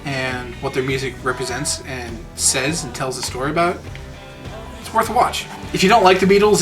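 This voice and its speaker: A man giving a casual, wry movie review, relaxed and hesitant with frequent fillers. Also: on the high side.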